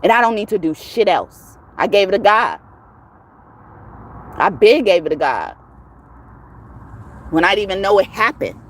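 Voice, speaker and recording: A woman's voice: medium pitch, big pitch swings, moderate pace, pauses often, a little hiss or hum. A woman tarot reader ranting to her viewers in a heated, profane, emphatic way. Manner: profane, emphatic, rising to shouts. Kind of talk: heated casual rant to viewers.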